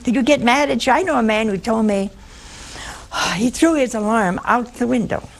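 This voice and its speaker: A woman's voice: fairly high pitch, moderate pace, slight background noise. A woman preaching a sermon in a folksy, humorous storytelling manner, acting out bits of dialogue.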